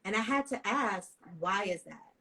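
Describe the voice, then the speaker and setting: A woman on a discussion panel telling a heartfelt personal story with animated, emotional delivery. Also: mid-range voice, normal speed, background noise.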